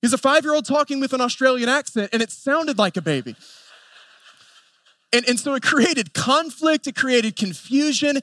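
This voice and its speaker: A man in his thirties with an Appalachian North Carolina accent, preaching a sermon in an earnest way and building lists with emphatic pauses. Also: very high voice, lively intonation, fairly bright tone. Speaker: pastor.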